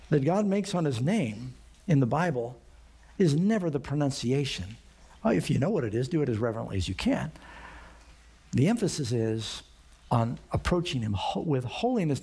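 Husky-voiced man preaching conversationally. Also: fairly high pitch, warm tone. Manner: conversational preaching with rhetorical questions. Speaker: pastor. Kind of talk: sermon.

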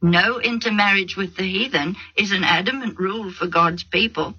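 A woman voicing an old, nearly blind father who speaks slowly and solemnly in a lowered voice. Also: bright, forceful tone, husky, lo-fi sound. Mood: stern.

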